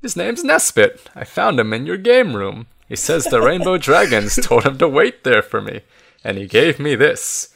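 A man voicing an earnest young hero, a kid who speaks in an eager, excited way. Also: mid-range voice, moderate pace, gravelly, slightly rough, voice pushed up, exaggerated voice.

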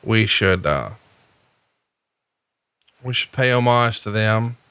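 A man hosting a podcast in casual banter, teasing and needling his co-host with deadpan jabs. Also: fairly low pitch, slow pace, clean tone, no echo.

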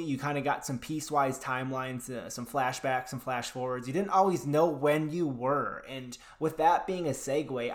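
A man's voice: mid-range voice, a bit bright. A man co-hosting a podcast, chatting casually and enthusiastically, often restarting his sentences. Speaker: podcast co-host. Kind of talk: casual podcast chat about horror movies.

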